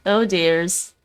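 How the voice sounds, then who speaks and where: On a livestream, a woman who grew up speaking Dutch chats casually while practicing words out loud and working through them, a streamer who is learning languages. Her voice is smooth and sits fairly low.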